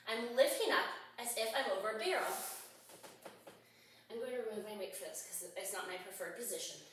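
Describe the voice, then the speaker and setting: A woman teaching a pilates class while doing the moves herself, her voice a little high and her breathing audible between cues. She sounds out of breath but upbeat. The recording is very echoey, with the mic set a little away from her. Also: bright, forceful tone. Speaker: pilates instructor. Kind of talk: guided workout instruction. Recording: echoey room, distant mic.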